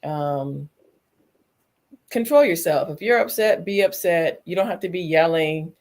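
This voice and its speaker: A woman's voice: lowish voice, a little slow, a little mellow. Blunt woman giving her opinion. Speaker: panel guest. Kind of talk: casual opinion chat.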